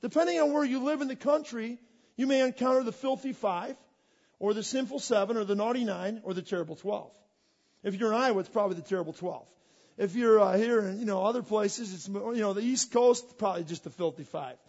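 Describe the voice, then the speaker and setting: High-voiced animated male pastor. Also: fairly quick, lo-fi sound. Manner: animated, joking storyteller. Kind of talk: sermon.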